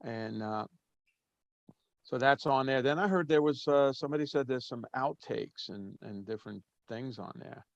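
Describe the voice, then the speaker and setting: A man's voice: mid-range voice, moderate pace, gravelly, no room sound. An easygoing man chatting as a guest, his talk loose and full of fillers. The sound is dry with little room behind it. It is also a bit muffled, as from a remote call. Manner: easygoing, rambling with many fillers. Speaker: drummer guest. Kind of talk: casual interview talk.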